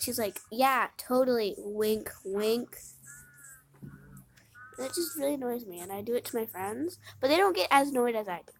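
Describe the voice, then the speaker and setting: A woman giving casual let's-play commentary, mumbling to herself while playing, with sudden loud dramatic outbursts, recorded on a phone microphone. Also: fairly high pitch, slight background noise. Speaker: game video creator. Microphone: phone microphone during screen recording.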